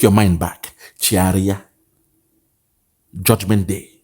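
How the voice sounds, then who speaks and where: A man's voice: medium pitch, lively intonation, takes it slowly, long pauses, a little mellow. A man with a Nigerian accent delivering a political commentary monologue, repeating his points in a preaching way and slipping into pidgin. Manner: repetitive rhetorical preaching, switches into pidgin. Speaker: online commentator.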